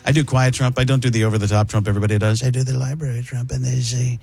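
A man, a comedian guest on a radio show, talking casually and quickly about doing impressions. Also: medium pitch, flat delivery, gravelly, darkish tone, slightly rough, faint music behind. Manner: quick, joking, with bursts of laughter.

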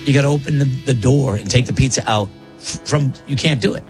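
A man's voice: mid-range voice, fairly quick, music in the background. A man hosting a morning radio show, bantering with co-hosts and telling rambling, self-interrupting stories in a jokey tone. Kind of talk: casual on-air banter and storytelling. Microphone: studio broadcast mic.

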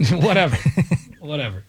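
A man's voice: a little high, big pitch swings, measured pace, slightly rough, no room sound. Joking male radio show host. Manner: joking, reads listener texts aloud. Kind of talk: casual talk show banter.

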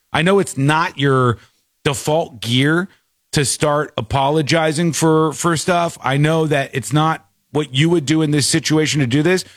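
A man's voice: fairly high pitch, no echo, clean studio sound. A man hosting a show, ranting with scorn in opinionated commentary. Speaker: show host.

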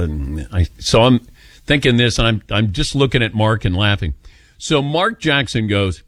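A man's voice: mid-range voice, moderate pace, dry recording, studio quality. A man hosting a sports radio show, telling a story in a casual way and acting out the voices of the people in it. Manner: animated storyteller, acts out quoted voices. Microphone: studio microphone.

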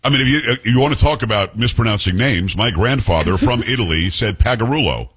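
A man hosting a talk radio show, chatting casually and telling stories with lively, mimicking delivery. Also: medium pitch, fairly quick, husky. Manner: animated storyteller, mimics voices in quotes.

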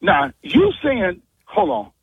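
A man's voice: very high voice, huge pitch swings, takes it slowly, creaky, no echo. A man on a phone call, exasperated and blunt, who keeps repeating himself and telling the caller to hold on. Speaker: prank call target. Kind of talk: heated phone conversation. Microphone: phone line.

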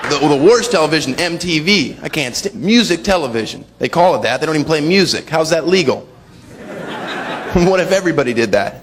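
A man performs stand-up comedy on a live stage, his voice sitting fairly high. He jumps into goofy character voices as he tells his stories, and the room rings with a long reverb and clear audience noise. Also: lively intonation, brisk.

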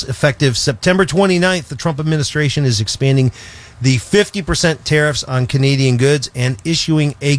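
A man co-hosting a radio show in casual on-air chat, animated and jokey, often restarting his sentences. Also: mid-range voice. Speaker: radio co-host.

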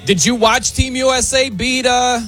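A man's voice: extremely high pitch, steady tone, moderate pace, fairly bright tone, faint music behind. A man hosting a sports talk radio show, bantering and teasing his co-hosts with energy and frequent laughs.

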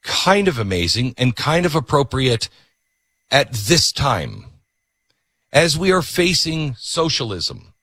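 A man's voice: mid-range voice, takes it slowly, breathy edge, no room sound, studio quality. A man hosting a talk radio show, delivering an opinionated, mocking monologue. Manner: animated, mocking, switches to mimicking voices.

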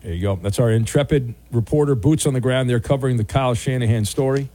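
A man hosting a sports talk radio show from a studio, wry and bantering, with bursts of loud mock outrage. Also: mid-range voice, fast talker. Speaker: radio host. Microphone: studio microphone.

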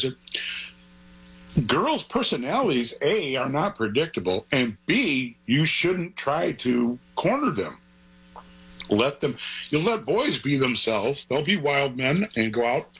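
Husky older man, rambling and wry. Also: medium pitch, fairly bright tone, low-quality recording. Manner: rambling, wry, with many restarts. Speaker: author interviewed about his novel. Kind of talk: casual interview talk.

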